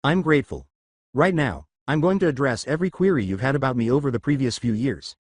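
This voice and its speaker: A man's voice: medium pitch, animated, quick pace, dry recording, clean studio sound, natural voice. A man reading a cheerful young ninja. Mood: earnest.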